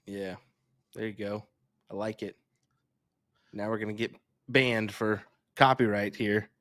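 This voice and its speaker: A male darts co-commentator recorded close and dry, with no room sound. He talks in a relaxed, easygoing way and turns to the viewers to promote the live stream. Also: on the low side, a little slow, no echo. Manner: laid-back, plugs the stream to viewers.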